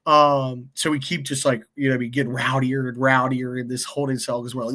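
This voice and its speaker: A man's voice: medium pitch, flat delivery, normal speed, pushed and bright. A young man telling a rambling, profane story in casual chat, full of "like" and "dude". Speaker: guest.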